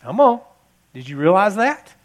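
A man with a notably high voice preaches in a loose, conversational way. He tells the story as he goes, repeats phrases, and builds to passionate emphasis as his points land. The feel is a pastor talking straight to his congregation. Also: sing-song, moderate pace. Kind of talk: sermon with personal story.

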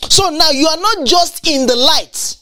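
A woman delivering a sermon with fervent emphasis. She repeats key phrases and quotes scripture. Her pitch sits high and swings with animation. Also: expressive, a little slow, pushed and bright. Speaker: preacher.

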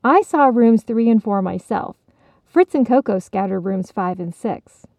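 A woman voicing Penny, a squeaky female mouse who rushes in with urgent news, in a storybook reading. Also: lively intonation, darkish tone, no room sound, studio quality.

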